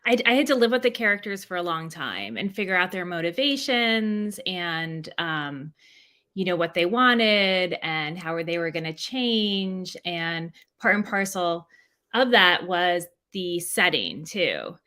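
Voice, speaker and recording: Brief: woman author from New Jersey, lowish and bright, thinks aloud with ums and restarts, video call. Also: expressive. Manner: halting, many fillers and restarts. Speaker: author being interviewed. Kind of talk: livestreamed book event conversation.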